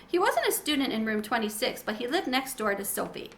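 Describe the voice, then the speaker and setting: A woman reading a children's chapter book aloud in an expressive, gentle way. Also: fairly high pitch, brisk, slight background noise. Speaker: storybook reader.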